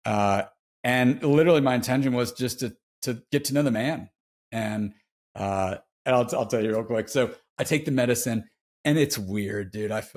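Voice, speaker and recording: A man guest on a podcast, telling a personal story in a casual, candid way, often saying "dude" and restarting his sentences. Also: medium pitch.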